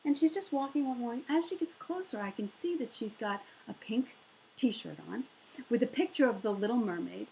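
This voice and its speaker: Middle-aged woman speaker, lively storyteller who jumps up in pitch for quoted voices. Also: brisk, creaky, a little hiss or hum, low-quality recording. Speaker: motivational speaker. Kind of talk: personal storytelling talk.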